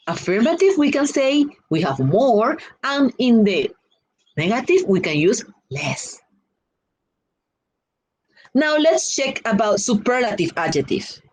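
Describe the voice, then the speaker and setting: A woman teaching an English grammar lesson with a Spanish-influenced accent, slowly repeating and drilling example words. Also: on the high side, a little mellow, rough recording.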